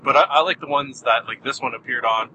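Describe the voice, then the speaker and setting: A man's voice: mid-range voice, fairly quick, bright, forceful tone, lo-fi sound, slight background noise. A man hosting a solo podcast in a jokey, self-mocking way with bursts of mock outrage. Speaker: podcast host.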